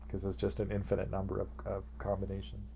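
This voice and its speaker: A man's voice: sits low, completely flat delivery, quick pace, gravelly, mellow, slight background noise. A man co-hosting a podcast in casual chat, rambling and laughing as he retells things. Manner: rambling, laughs often, retells scenes animatedly. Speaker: podcast co-host.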